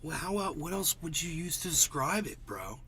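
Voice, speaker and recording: A man's voice: on the high side, sing-song, normal speed, pushed and bright, slight background noise. A man hosting a casual chat about music, rambling with lots of "like" and "bro". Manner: rambling, says "like" and "bro" a lot.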